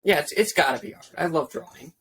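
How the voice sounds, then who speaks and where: A man's voice: fairly high pitch, quick pace, a bit bright, slightly rough, rough recording. A young man co-hosting a casual movie review podcast, talking in a hesitant way with many restarts. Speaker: podcast co-host.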